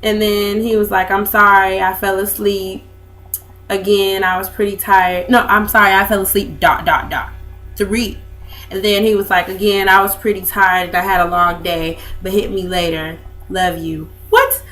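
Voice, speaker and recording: A woman's voice: medium pitch, little pitch movement, moderate pace, a bit bright, soft background music. A young woman, rambling in a casual vlog with lots of fillers. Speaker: vlogger. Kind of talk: casual chat to camera.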